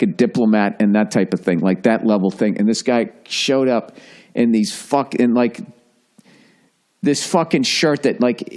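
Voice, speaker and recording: A man hosting a podcast, rambling through a profane comedic monologue with lots of restarts and mocking asides. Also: mid-range voice. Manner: animated storyteller. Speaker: podcast host.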